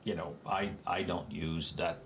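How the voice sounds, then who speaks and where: Slow-talking man with Quebec French accent. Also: deep voice, steady tone, a bit bright, slight background noise. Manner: talks to chat while working through code on screen. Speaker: software developer streaming live. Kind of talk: casual live-stream chat with viewers.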